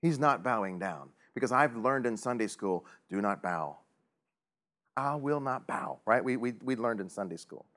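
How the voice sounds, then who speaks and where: Man, Bible teacher, jokey and animated, pitch leaps all over while he teaches. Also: normal speed, hardly any pauses. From United States. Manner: animated, joking, big pitch swings, chuckles often. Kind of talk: casual Bible study teaching.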